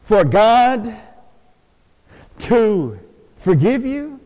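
A man's voice: high-pitched, sing-song, very slow. Older man preaching in a big echoing hall. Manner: preacher swinging from hushed to loud calls. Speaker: pastor. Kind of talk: sermon. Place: church sanctuary. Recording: long hall reverb.

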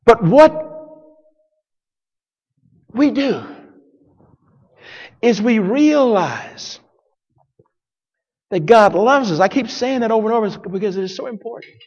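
A man's voice: high-pitched, animated, slow, pauses often, husky, lo-fi sound. Man preaching in a reverberant hall. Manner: dramatic preaching, swings from loud to hushed. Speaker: pastor. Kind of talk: sermon. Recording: long reverb of a large hall.

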